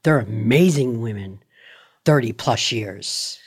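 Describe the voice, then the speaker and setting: A woman's voice: extremely low pitch, lively intonation, slow pace, husky. Blunt middle-aged woman telling her story. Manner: blunt and profane. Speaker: guest. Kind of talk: personal storytelling in conversation.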